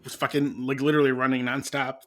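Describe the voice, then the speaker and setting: A man's voice: medium pitch, level tone, fast talker. A man in his thirties co-hosting a podcast, telling a family story in a laid-back way with fillers. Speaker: podcast co-host. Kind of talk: casual chat.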